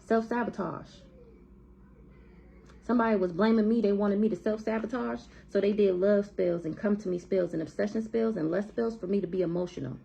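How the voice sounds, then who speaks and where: A woman's voice: mid-range voice, a little fast, creaky, warm tone, highs cut off. A woman with giving a blunt, profane, heated tarot reading to camera in a casual monologue. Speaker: tarot reader.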